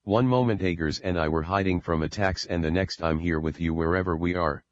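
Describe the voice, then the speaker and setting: Man reading scared confused daughter, audiobook, very deep, dull lo-fi sound. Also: fairly quick, slight background noise, lightly acted. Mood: frightened. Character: panicked adult daughter, frightened and confused. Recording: dull lo-fi dry recording.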